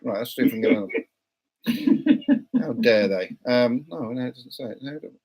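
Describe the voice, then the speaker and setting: A man's voice: mid-range voice, lively intonation, moderate pace, a little mellow, husky, rough recording. A man hosting a live podcast, reading out listener comments and arguing playfully over pronunciation. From Britain. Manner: playfully argumentative, reads out chat comments. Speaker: podcast host. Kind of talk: casual live podcast chat.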